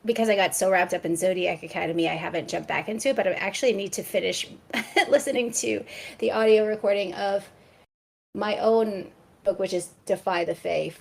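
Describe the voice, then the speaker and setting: A woman author chatting as a podcast guest, enthusiastic and quick to laugh, often restarting her sentences. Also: medium pitch, gravelly. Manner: frequent restarts and stammers. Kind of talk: casual podcast chat.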